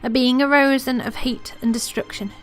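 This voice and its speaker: A woman's voice: high-pitched, steady tone, normal speed, faint music behind, pitched above the performer's own voice, natural voice. Woman putting on a solemn old lady. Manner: grave storytelling, calls listener dear. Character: elderly woman, retired grand protector, solemn. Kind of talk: reading game dialogue aloud.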